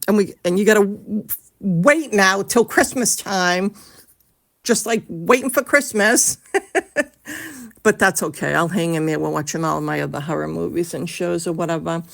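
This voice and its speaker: A middle-aged woman leaving a chatty voice message for a podcast. She gushes, swears casually and fills her pauses with lots of ums. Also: mid-range voice, vocal fry. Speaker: listener sending in a voice message.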